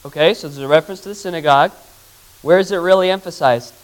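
A man's voice: a little high, low-quality recording. Man teaching Scripture, asking questions. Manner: conversational, asks the congregation questions; reads scripture aloud slowly. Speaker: pastor. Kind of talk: interactive Bible teaching.

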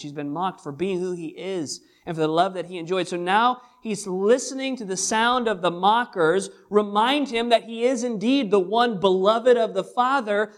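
A man preaching a sermon as pastor, swinging between hushed lines and loud, drawn-out emphasis. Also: high voice.

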